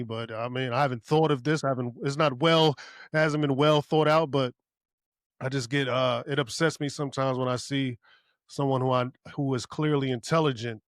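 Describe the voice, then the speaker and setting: A man in a mid-pitched voice on a casual podcast, working through his thoughts slowly with hesitations and restarts. His speech is loose and profane. The recording is close and dry. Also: no room sound. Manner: musing, hesitant, thinks aloud with fillers and restarts, profane. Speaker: podcast co-host.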